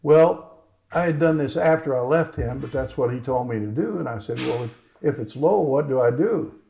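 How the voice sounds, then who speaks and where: A man's voice: mid-range voice, lively intonation, moderate pace, creaky, mellow, slight background noise, rough recording. A man, a doctor, telling a story at a live talk and acting out the lines of the people in it. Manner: acts out other people's lines in his stories. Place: fitness gym, indoors.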